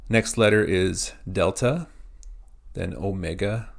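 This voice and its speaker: Slow, deep-voiced gravelly male teacher. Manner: slow, methodical spelling out of letters. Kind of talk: pronunciation lesson.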